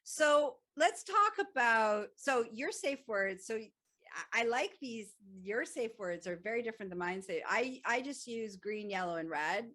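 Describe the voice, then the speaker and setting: A woman hosting a podcast, explaining things step by step in a measured, casual way. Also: on the high side, expressive, sharp tone. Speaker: podcast host. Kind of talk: casual chat.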